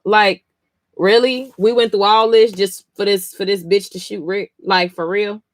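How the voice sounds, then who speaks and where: A woman's voice: medium pitch, fairly even intonation, unhurried, dry recording. A sleepy woman streamer reacting live as she reads a comic, blunt, profane and exasperated. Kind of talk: casual live reading reaction.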